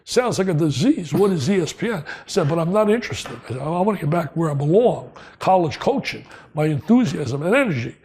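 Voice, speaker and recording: An older man from New Jersey, telling stories as a guest in an interview, excitable and emphatic, repeating lines for punch. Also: fairly high pitch, fairly quick, hardly any pauses, slight background noise. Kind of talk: storytelling interview.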